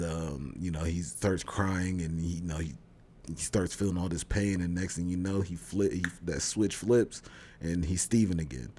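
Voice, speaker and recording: A man's voice: sits low, warm tone, a little hiss or hum. A man co-hosting a review show, casually retelling scenes with lots of fillers and restarts. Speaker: podcast co-host reviewing a TV show. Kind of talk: casual chat.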